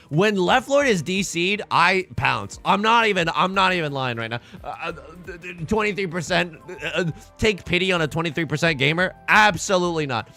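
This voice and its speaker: Male streamer, animated and joking, bright tone, some fry, faint music bed. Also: a little high, normal speed. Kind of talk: casual gaming livestream chat.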